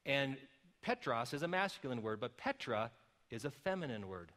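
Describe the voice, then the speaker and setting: A middle-aged man preaching a sermon, explaining calmly and then rising to loud, emphatic calls. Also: mid-range voice, normal speed. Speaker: pastor.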